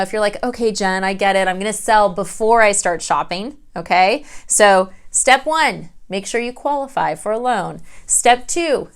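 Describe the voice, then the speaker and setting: Animated woman giving mortgage advice. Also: on the high side. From United States. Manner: animated, acts out clients' voices. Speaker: mortgage loan officer. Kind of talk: casual advice vlog.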